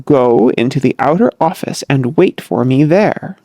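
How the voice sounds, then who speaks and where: A man's voice: medium pitch, lively intonation, unhurried, mellow, no echo, clean studio sound. A narrator voicing a testy, self-willed middle-aged father who blusters at his daughter and her suitor in a comic audiobook. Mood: testy, blustering.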